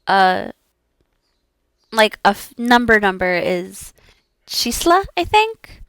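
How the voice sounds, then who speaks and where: Woman, young adult, casual language practice, repeats words aloud, slow-paced, dry sound. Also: medium pitch, big pitch swings, a bit bright, smooth, dry recording. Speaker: VTuber language learner.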